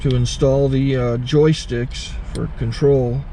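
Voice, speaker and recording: A man's voice: medium pitch, level tone, takes it slowly, dark tone, a little hiss or hum. A man hosting his channel, chatting casually and explaining step by step from inside his truck cab. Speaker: channel host. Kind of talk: casual vlog.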